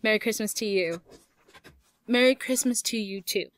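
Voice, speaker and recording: A young woman hosts a casual Q&A on her YouTube gaming channel, reading out viewer questions and answering chattily. She laughs a lot and swears lightly. Her medium-pitched voice moves at a moderate pace, with slight background noise.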